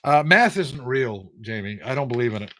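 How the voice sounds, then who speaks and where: A man's voice: mid-range voice, expressive, moderate pace, pushed and bright, slight background noise. Older man teasing his trivia chat. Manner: teasing, sarcastic, reads viewer names aloud. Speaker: livestream trivia host. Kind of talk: casual live-chat trivia banter.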